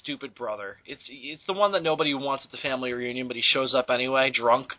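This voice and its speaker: A young man co-hosting a podcast, loud and crude, laughing a lot as he jokes. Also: mid-range voice, fast. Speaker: podcast co-host. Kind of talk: crude comedy banter.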